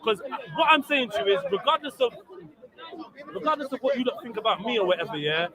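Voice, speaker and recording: A man's voice: very high voice, sing-song. A man arguing hard in a heated live panel debate, talking over others. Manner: argumentative, interrupting, rapid-fire. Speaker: panel guest. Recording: crowd noise behind the voices. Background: crowd noise.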